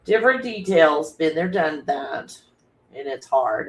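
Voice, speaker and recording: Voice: mid-range voice, animated, a little slow, a bit bright. Fired-up profane live-stream host, echoey room. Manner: blunt, profane, laughing and fired up. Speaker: livestream host. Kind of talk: casual live-stream chat. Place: home room with a dog nearby.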